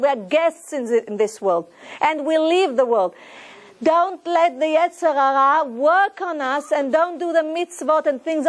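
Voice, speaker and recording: Earnest high-voiced woman teaching. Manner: earnest, preaching, retells stories with quoted voices. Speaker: Torah teacher. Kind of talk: lesson to a women's group.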